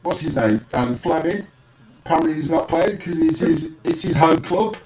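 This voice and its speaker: A man's voice: on the high side, animated, normal speed, darkish tone, reverberant, soft background music, poor audio. A man hosting a casual football podcast, teasing his co-host with dry asides.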